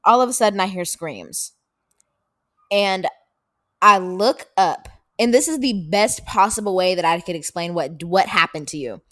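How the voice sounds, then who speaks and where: A woman of about eighteen from Seattle, co-hosting a podcast and telling a story in casual, profane, animated chat. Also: fairly low pitch, a little slow, dry recording. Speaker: podcast co-host, daughter.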